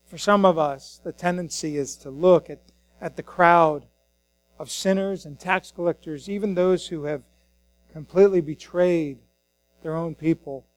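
High-voiced impassioned male pastor. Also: a little slow, no echo, faint music behind, low-quality recording. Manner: impassioned, acts out the scripture voices. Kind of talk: sermon. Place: church.

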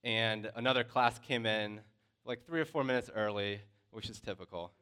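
A man telling a personal story to a class in a lively, conversational way, with lots of filler words. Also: on the low side, normal speed, clear, resonant tone.

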